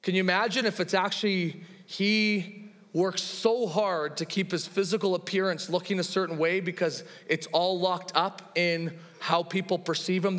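A man's voice: sits high, fairly bright tone. Male pastor preaching in a reverberant hall. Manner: conversational storytelling with laughs and quoted dialogue. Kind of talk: sermon.

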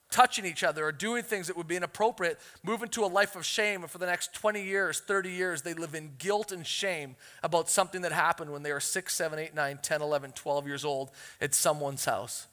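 High, bright-voiced man preaching. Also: a little fast. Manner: animated storytelling, acts out quotes. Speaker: pastor. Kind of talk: sermon. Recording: long hall reverb.

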